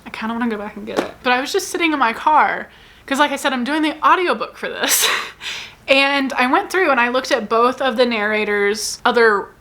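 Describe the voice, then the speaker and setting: A woman's voice: on the high side, bright, forceful tone. Chatty rambling woman book vlogger. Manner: chatty, rambling, self-deprecating. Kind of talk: casual rambling chat.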